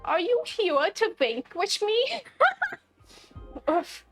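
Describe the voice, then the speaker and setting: A young woman with a high, light voice reads game dialogue aloud on a live stream, often dissolving into giggles between lines. Faint music plays underneath. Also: sing-song, drawn-out words. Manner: giggly, keeps breaking into laughter while reading.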